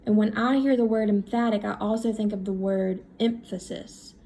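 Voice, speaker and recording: A woman teacher giving a recorded reading lesson, talking slowly and thinking aloud as she works through words. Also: mid-range voice, steady tone, dark tone, a little hiss or hum. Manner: slow, thinking aloud while writing.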